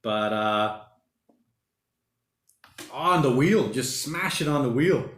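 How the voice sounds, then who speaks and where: A man in his thirties hosts a laid-back livestream from home, chatting through viewer comments and wandering from thought to thought. His voice sits at an ordinary middle pitch. The room around him is noticeably echoey. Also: animated, slow. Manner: rambling, thinking out loud, says mate and man a lot. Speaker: livestream host reading viewer chat. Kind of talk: casual solo livestream chat. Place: home during lockdown. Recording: roomy home room echo.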